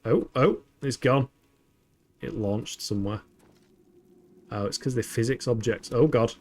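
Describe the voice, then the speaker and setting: A man's voice: mid-range voice, measured pace, a little mellow. A young man with a playful, giggly manner, chatting casually while livestreaming a game from his home setup. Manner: playful, giggly, rambling banter. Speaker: streamer.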